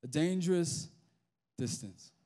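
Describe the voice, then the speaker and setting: A young man with an Australian accent preaching to a youth group in a casual, animated storytelling manner with slang. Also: a little high, slow. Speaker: youth pastor. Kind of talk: sermon with storytelling.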